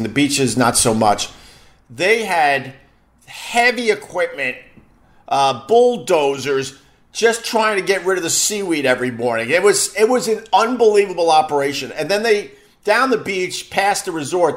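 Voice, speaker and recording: A middle-aged male radio host with a Long Island accent tells stories in a loose, rambling on-air style. His voice sits at an everyday middle pitch. He wanders off into side remarks and jokes at his own expense. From Long Island, New York. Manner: rambling, self-deprecating, chatty asides. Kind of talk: casual on-air storytelling.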